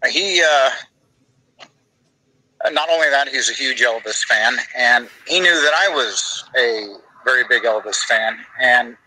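A man, a guest bass player, telling rambling anecdotes in casual chat with many fillers. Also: lively intonation, measured pace, bright, forceful tone, no room sound, rough recording. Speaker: guest bassist.

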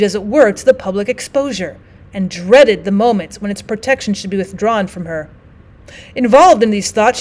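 Teacher-narrator for an audiobook, a woman with a fairly high voice, steady and expressive reading.

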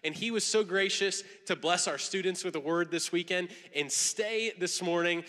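A man from the church introducing the guest pastor from the stage with warm praise. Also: high-pitched, normal speed. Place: church sanctuary. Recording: long hall reverb.

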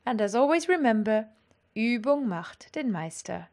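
A woman teaching a language lesson, explaining clearly and with lively energy. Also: on the high side, normal speed.

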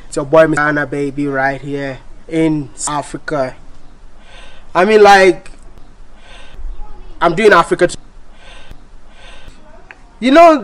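A man with a fairly high voice speaks straight to his viewers in a heated vlog rant. He keeps circling back to the same complaints and restarts his sentences as he goes. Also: fairly bright tone. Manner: indignant, repetitive ranting with restarts. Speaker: vlogger. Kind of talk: ranting vlog to camera.

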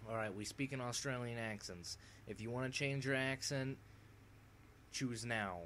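A man hosting a gaming session, swearing and complaining loudly in casual chat with friends. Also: medium pitch, moderate pace, slight background noise. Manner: swearing, exasperated, loud. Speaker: gamer, channel host.

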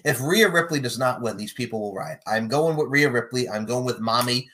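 A man talking casually at a middle pitch, joking as he goes. His delivery is animated and breaks into sudden loud bursts. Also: fairly quick. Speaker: podcast host predicting wrestling matches. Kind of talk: casual chat.

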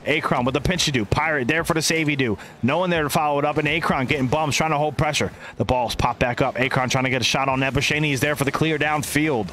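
A man's voice: mid-range voice, fairly bright tone, slight background noise. A man casting an esports match live with playful play-by-play, inventing silly words and chatting with viewers between plays. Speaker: esports caster.

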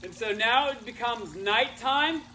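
A man's voice: extremely high pitch, a little slow, sharp tone. A man telling a Bible story to a youth club and having his listeners act it out and repeat lines. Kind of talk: animated Bible storytelling with audience acting parts. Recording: noisy crowd room. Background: crowd of teenagers echoing and laughing.

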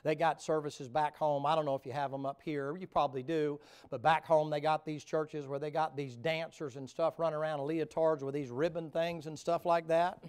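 A revival preacher, a man, speaks to a congregation in a church. His voice sits high and rings out smooth and clear. He mixes homespun jokes with fervent, rising appeals. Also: darkish tone. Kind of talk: folksy revival sermon. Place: church sanctuary before a congregation.

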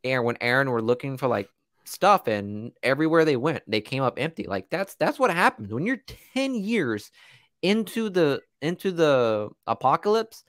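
Lively joking man, dry close sound. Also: medium pitch, moderate pace, no room sound. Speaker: podcast co-host. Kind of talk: casual chat.

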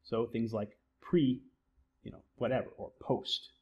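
A man at a mid-range pitch delivers a lecture in a steady explanatory way. He keeps checking in with "right?" and poses questions that he answers himself. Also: unhurried, highs cut off. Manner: explanatory, often asks and answers his own questions. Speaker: psychology instructor.

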